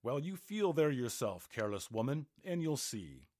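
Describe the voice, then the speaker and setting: A big, lazy giant bellows at his wife, bossy and quick to blame, his voice swinging up in loud outbursts, played by a man reading the tale. The read is dry and close, with no room around it. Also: mid-range voice, big pitch swings, no echo. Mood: angry blustering. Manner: blustering, demanding.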